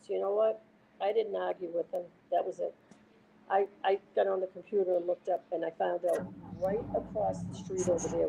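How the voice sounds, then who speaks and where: Gravelly Boston woman chatting casually. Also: fairly low pitch, mellow, slight background noise, low-quality recording. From Massachusetts. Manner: chatty, rambling, retells conversations. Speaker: host. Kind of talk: casual chat with viewers.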